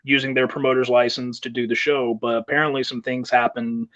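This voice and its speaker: Wrestler guest, mid-pitch man, chatty rambling storyteller, lo-fi audio. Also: level tone, a little fast, fairly bright tone. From South Carolina, US. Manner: rambling anecdotes with fillers and laughter. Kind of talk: interview storytelling.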